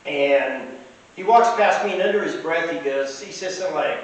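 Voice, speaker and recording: A chatty man rambling through anecdotes at an ordinary pitch. His voice sounds echoey and set back from the mic, with a faint hiss underneath. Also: normal speed, far from the mic. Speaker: storyteller. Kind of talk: casual anecdote telling.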